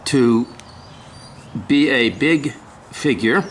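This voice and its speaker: An older man giving a casual woodcarving demonstration, talking haltingly, often clearing his throat and apologizing. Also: medium pitch, slight background noise. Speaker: woodcarving instructor.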